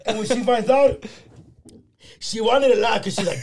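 A young man with a high voice co-hosts a casual podcast chat. He tells his stories in an animated, slangy way, laughing as he goes. Faint clicking sounds run under the recording. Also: normal speed, gravelly, noisy background. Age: young adult. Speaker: podcast co-host.

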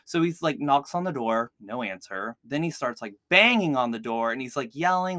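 Male podcast host, mid pitch, casual filler-heavy storytelling, dry recording. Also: lively intonation, moderate pace, hardly any pauses, sharp tone, no echo. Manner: chatty, heavy use of "like" fillers. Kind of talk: casual true-crime storytelling.

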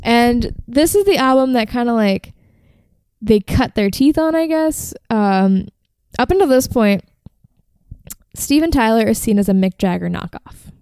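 Brief: podcast host, woman, clear and smooth, dry mic, profane and chatty. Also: a little high, animated, a little slow, darkish tone, dry recording. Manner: chatty, profane, uses fillers like "like" and "um". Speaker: podcast host telling a band history. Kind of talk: casual storytelling chat.

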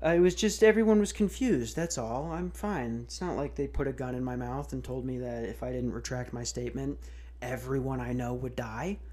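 A man's voice: medium pitch, warm tone, close to an everyday voice. A man mocking a stammering coerced woman. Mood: halting. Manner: halting, stammering statement. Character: frightened female tennis player under coercion.

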